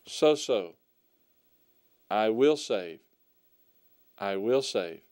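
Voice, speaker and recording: A man teaching a recorded Greek lesson, speaking slowly and deliberately and repeating each word and meaning for his students. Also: lowish voice, expressive, darkish tone, clear, resonant tone. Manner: slow, deliberate, repeats words for emphasis.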